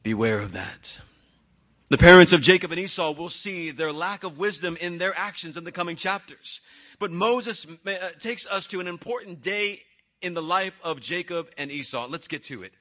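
A male pastor preaches in a church, his voice lively and swinging widely in pitch as he draws the congregation in with questions. His tone is husky and a bit breathy, and the recording sounds dull and lo-fi. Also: normal speed. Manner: animated, conversational, asks the congregation questions. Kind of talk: sermon.

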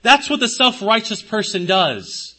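A man preaching a sermon as pastor, swinging his pitch and volume for emphasis and acting out imagined speakers. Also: sing-song, measured pace, bright, forceful tone.

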